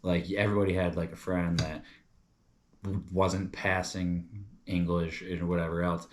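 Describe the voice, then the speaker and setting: A man's voice: low voice, flat delivery, a little slow, background noise. A young man from New York chatting casually as a comedy reviewer, rambling and loose, calling people bro and dude.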